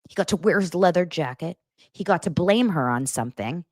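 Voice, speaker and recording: A woman's voice: lowish voice, expressive, a little fast, no room sound, clean studio sound. A woman hosting a podcast, recapping a reality show in casual, gossipy chat with sarcastic asides.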